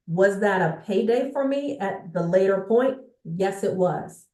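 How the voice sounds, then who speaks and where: This lowish, darkish-toned voice belongs to a woman coaching viewers on sales in a motivational, emphatic way, regularly checking in with them. The recording is echoey, made in an indoor room with a bookshelf behind her.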